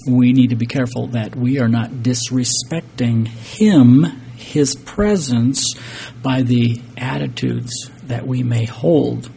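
A man's voice: medium pitch, fairly even intonation, slow pace, vocal fry, mellow, slight background noise. A man preaching a sermon, earnest and emphatic, reading scripture and explaining it to a congregation. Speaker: pastor.

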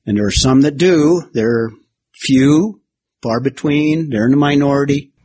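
Male preacher, mid-pitched, expository teaching with light banter, faint room noise. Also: measured pace, a little mellow. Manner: expository, uses a whiteboard and alliteration, jokes with the class. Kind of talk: sermon-style Bible teaching.

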